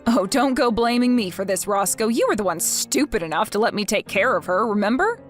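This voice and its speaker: A woman's voice: mid-range voice, lively intonation, brisk, soft background music, close to an everyday voice. A woman voicing a vengeful young wife who speaks in a mocking, sarcastic way. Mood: taunting. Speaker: wife in a text-message story.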